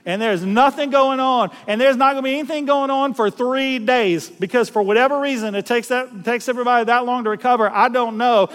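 A middle-aged man from South Louisiana, preaching a storytelling sermon in a folksy, animated way, acting out voices and laughing at himself. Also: very high-pitched, fairly quick, few pauses, clear, resonant tone, big-room sound.

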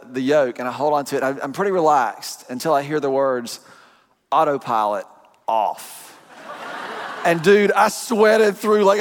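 A man preaching a sermon, telling a personal story in an animated, joking way to his congregation. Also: fairly high pitch. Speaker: pastor. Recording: long hall reverb.

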